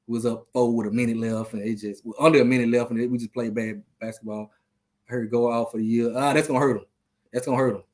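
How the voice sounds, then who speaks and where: Loose trash-talking man on a stream. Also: medium pitch. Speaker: podcast host. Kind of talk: casual sports talk on a live stream.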